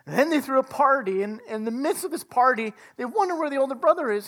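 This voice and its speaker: A woman preaching a sermon, retelling a story dramatically and dropping to a hush for emphasis. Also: high-pitched, expressive, fast talker, few pauses. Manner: dramatic retelling, acting out the characters' lines.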